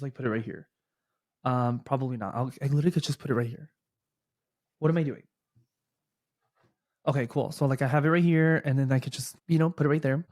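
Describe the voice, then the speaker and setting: A young man hosting his own podcast from a room at home, talking casually at a desk microphone in a chatty, animated way, full of fillers. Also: fairly high pitch, no echo, clean studio sound. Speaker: podcast host. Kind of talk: casual chat.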